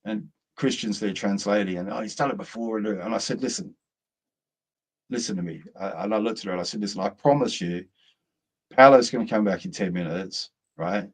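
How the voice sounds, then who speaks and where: Lively rambling storyteller man. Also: fairly low pitch, brisk. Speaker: co-host. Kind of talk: casual chat.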